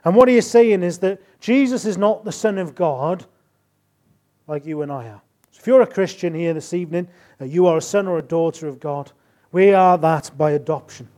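A middle-aged man preaching a sermon, rising to emphatic bursts and dropping to quiet asides. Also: high voice, a little fast.

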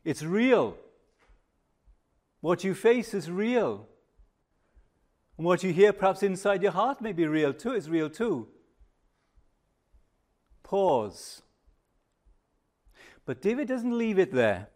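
An older man preaching a sermon, measured and emphatic, dropping to a hush on reflective pauses. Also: sits high, sing-song.

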